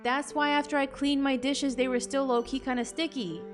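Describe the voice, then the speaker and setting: A young adult woman playing a game on camera, reading its text aloud and reacting in an expressive, jokey way, with bursts of loud disbelief. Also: sits high, normal speed, over music. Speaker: gaming content creator.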